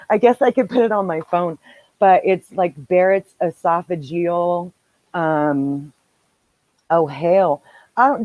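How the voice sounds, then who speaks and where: A woman podcast host tells a story in relaxed, casual chat. Her voice sits fairly low. She is animated and swears freely. The sound is close and dry, with no room echo. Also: phone-quality sound.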